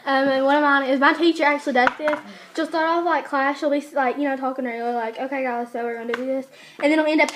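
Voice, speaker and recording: Teen girl, high voice, chatty and giggly, light background hiss. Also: steady tone, fast, a bit bright. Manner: chatty, giggly, acts out quoted people. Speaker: co-host. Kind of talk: casual chat.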